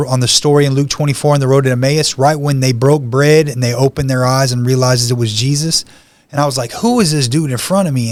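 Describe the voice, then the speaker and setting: A man at a middling pitch tells his personal testimony as a podcast guest, earnest and heartfelt. He speaks conversationally, with frequent "you know" asides. His delivery is plain and unhurried. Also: dry recording. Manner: emotional, heartfelt retelling.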